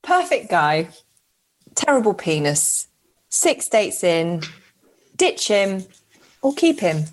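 A woman co-hosting a podcast, chatting casually, swearing and expressive. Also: medium pitch, slow pace, long pauses. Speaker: podcast co-host. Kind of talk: casual banter.

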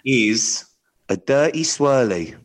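A man co-hosting a radio dating show, bantering and teasing his co-host in a deadpan, joking way. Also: medium pitch, slow pace. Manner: teasing, deadpan jokes with bursts of silly singing. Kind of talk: playful banter.

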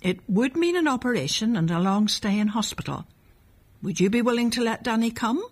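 A calm, kindly middle-aged doctor, firm and reassuring, as a woman reads him aloud. The voice is soft and breathy, in the manner of a storybook read-aloud. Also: on the high side, a little fast.

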